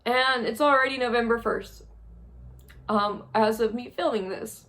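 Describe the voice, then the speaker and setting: High-voiced young woman fighting tears. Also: a bit bright. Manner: halting, heavy, emotionally drained. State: on the verge of tears. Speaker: vlogger. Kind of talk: tearful monthly review vlog. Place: small spare room.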